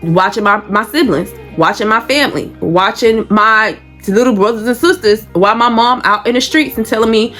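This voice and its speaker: A woman's voice: fairly high pitch, moderate pace, few pauses, fairly bright tone, soft background music. A woman from Georgia, telling her own story on a vlog in a blunt, profane, rambling way. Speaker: vlogger. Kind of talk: candid personal storytelling.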